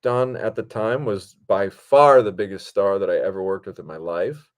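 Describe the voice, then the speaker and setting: Low-voiced man telling a rambling story. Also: moderate pace. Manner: rambling and animated, acts out quotes in higher voices. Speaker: podcast host and film director. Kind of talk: casual storytelling monologue.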